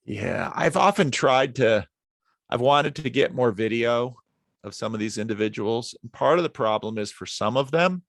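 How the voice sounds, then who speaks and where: A man's voice: medium pitch, lively intonation, moderate pace, gravelly, no room sound, clean studio sound. A middle-aged man from northern New Jersey, a pastor chatting casually as a podcast guest and telling easygoing anecdotes. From northern New Jersey, outside New York City.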